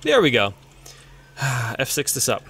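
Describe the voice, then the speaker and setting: A man hosting a let's play, giving casual, excitable gameplay commentary and mocking himself when things go wrong. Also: mid-range voice, slow, breathy edge. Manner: excitable, self-mocking, swears when frustrated.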